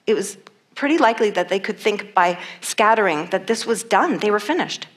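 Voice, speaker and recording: A woman's voice: mid-range voice, animated, brisk. A woman preaching a sermon and reading scripture, earnest and emphatic, repeating key phrases for weight.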